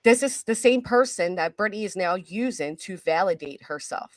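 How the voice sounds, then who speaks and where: A woman's voice: medium pitch, animated, moderate pace, no room sound. A woman hosting a casual commentary chat, sounding indignant and sarcastic. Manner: indignant, sarcastic, says "y'all". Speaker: channel host.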